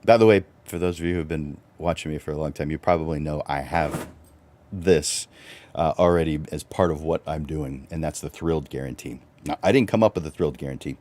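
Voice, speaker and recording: Deep-voiced, animated middle-aged man coaching. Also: a little fast, a little hiss or hum. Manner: animated, chuckling, swings up for emphasis. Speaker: host and photographer. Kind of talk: livestreamed business coaching talk.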